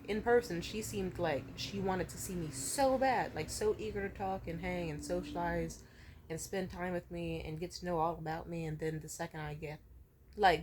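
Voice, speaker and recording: A woman's voice: fairly low pitch, a little hiss or hum. Young woman in her twenties, casual vlog rant, emotional, swears a lot. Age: 20s. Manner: emotional, profane, ranting storyteller. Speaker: vlogger.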